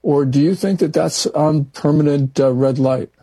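Male interviewer, gravelly and dark, dry close sound, probing questions. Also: fairly high pitch, moderate pace, no room sound, poor audio. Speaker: co-host asking questions.

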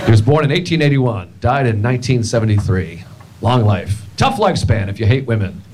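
A man performing a stand-up comedy set with deadpan, animated storytelling. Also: mid-range voice, a little fast, a loud crowd. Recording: loud background noise. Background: audience laughter.

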